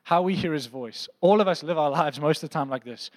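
A man's voice: on the high side, fairly quick, few pauses. A man preaching a pastoral sermon to a church congregation, talking conversationally and often asking the room questions. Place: church auditorium. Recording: long hall reverb.

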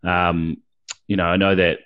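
A man's voice: sits low, level tone, measured pace, clean tone, dull audio. A New man hosting a casual sports podcast, chatting loosely and swearing freely. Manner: swears freely, laid-back banter. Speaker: podcast host.

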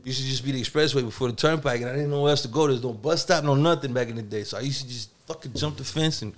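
A man's voice: medium pitch, racing. A man who grew up in Germany, telling stories in casual podcast chat, swearing freely in street slang and acting out what other people said. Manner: profane street slang, animated, acts out other people's lines.

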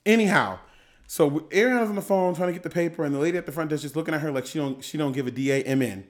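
A man co-hosting a casual chat, telling a story in an animated, slangy, joking way. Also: on the high side, very fast. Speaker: co-host.

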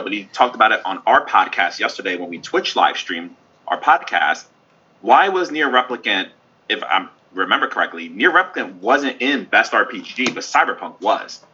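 A man co-hosting a gaming podcast, talking casually and ranting in animated asides. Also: fairly low pitch, breathy edge. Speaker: podcast co-host. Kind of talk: casual chat. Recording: dull lo-fi audio.

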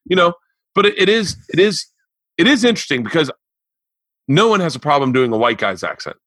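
A man's voice: a little high, brisk, no echo. Rambling, profane male podcast host. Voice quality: animated, profane, rambling storyteller. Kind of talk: casual chat.

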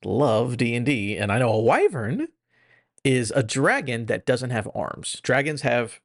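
A man's voice: mid-range voice, very animated, measured pace, no echo, clean studio sound. A man co-hosting a podcast in a casual, jokey manner, drifting into rambling asides. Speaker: podcast co-host.

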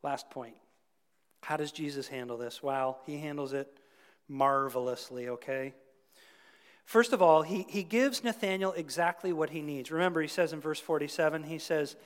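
A male pastor with a fairly high voice gives a sermon in a church. He talks in a conversational, animated way and keeps turning aside to address his congregation directly. His voice carries the long reverb of a large hall. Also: normal speed.

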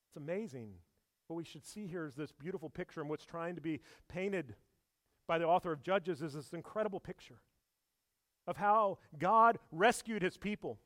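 Preacher guy, kinda high voice, lively storytelling with lots of questions, dry close sound. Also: no room sound. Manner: animated storytelling with rhetorical questions. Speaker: pastor. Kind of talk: sermon.

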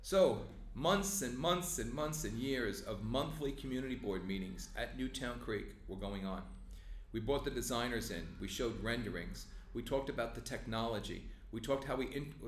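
A man's voice: medium pitch, normal speed, slight background noise. An older man tells oral-history stories in an earnest way, with apologetic asides. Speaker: former treatment plant representative. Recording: roomy echo.

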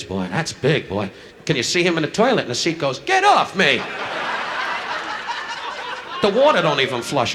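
A man doing insulting stand-up crowd work on a nightclub stage, firing barbs at audience members. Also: on the high side. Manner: insulting, rapid-fire banter with the audience. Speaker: stand-up comedian. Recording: noisy 1960s live album recording.

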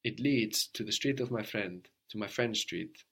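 A man teaching a language lesson, patiently modeling phrases slowly and coaxing his student. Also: on the low side, creaky, a bit bright, breathy edge.

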